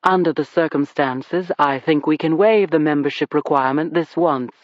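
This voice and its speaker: Audiobook: reader doing a deep-voiced British club owner, smooth and evasive, middle pitch, dry lo-fi sound. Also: moderate pace, dry recording, close to an everyday voice. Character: suave male club owner, cheerful, evasive. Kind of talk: audiobook character reading. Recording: dull dry recording.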